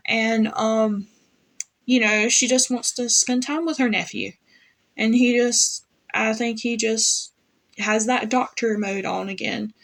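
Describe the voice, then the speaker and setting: Woman fan reviewer, casual recap, slightly high voice, chatty with lots of ums. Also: a bit bright. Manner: chatty, many fillers, paraphrases lines in quotes.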